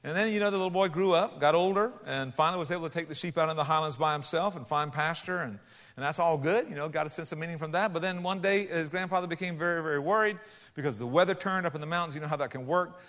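Preacher in a reverberant hall. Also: male voice, on the high side, fast. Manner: conversational, many restarts, rising to loud emphatic passages. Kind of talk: sermon storytelling. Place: large hall with a congregation.

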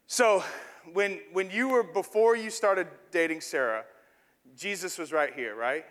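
A man's voice: sits high, measured pace, a bit bright, in a large hall. A man preaching a sermon in a church, playfully acting out an illustration with a volunteer on stage. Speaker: pastor. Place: church hall.

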